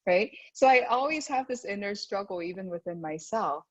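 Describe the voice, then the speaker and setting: Husky-voiced woman giving a school talk. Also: fairly high pitch, animated, normal speed. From United States. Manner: frequent "right?" check-ins, acts out quoted voices. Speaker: guest speaker at a school. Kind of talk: presentation to parents. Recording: dull lo-fi sound.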